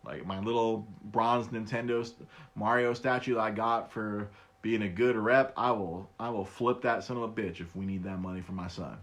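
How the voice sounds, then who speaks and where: A man in his thirties hosting a casual solo podcast, laughing often, stammering and repeating words, and jumping his voice high for quoted bits. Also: steady tone, moderate pace, a bit bright. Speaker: podcast host.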